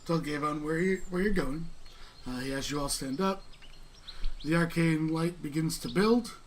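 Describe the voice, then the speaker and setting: A man narrating as game master of a tabletop game in a relaxed, rambling way. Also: a little high, moderate pace, slight background noise. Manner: relaxed, rambling, many fillers.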